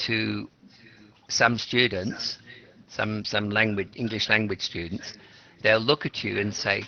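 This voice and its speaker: A man's voice: lowish voice, steady tone, slow, vocal fry, sharp tone. A middle-aged Australian man teaching an English class, explaining patiently and asking students questions. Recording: lo-fi classroom recording.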